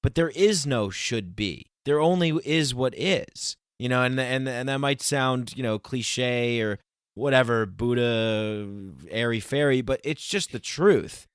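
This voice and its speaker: A man's voice: mid-range voice, clear, resonant tone, dry recording, clean studio sound. Earnest man hosting a podcast. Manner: earnest, emphatic, slows down to stress points. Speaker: podcast host. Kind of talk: casual conversational podcast.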